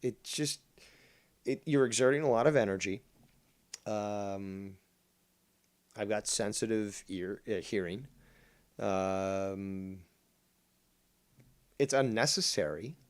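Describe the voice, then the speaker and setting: A middle-aged man hosting a casual call-in show, talking in a calm, droning monotone and cursing bluntly without ever raising his voice. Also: mid-range voice. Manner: calm, never yells, blunt and profane. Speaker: show host.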